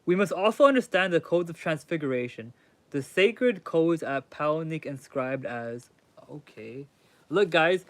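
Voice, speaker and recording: A man reading a book aloud haltingly on stream, breaking off to chat casually with his viewers. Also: fairly high pitch, expressive, no room sound. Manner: reads haltingly, chatting with viewers. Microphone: mic crackles when he leans in.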